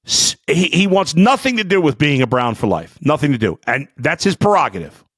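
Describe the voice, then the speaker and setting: A man hosting a sports podcast, ranting angrily and swearing, with outbursts that drop to low muttering. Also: sing-song, brisk, no room sound, clean studio sound. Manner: fiery, profane, swings between shouting and muttering. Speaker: sports talk podcast host. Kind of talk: angry sports rant.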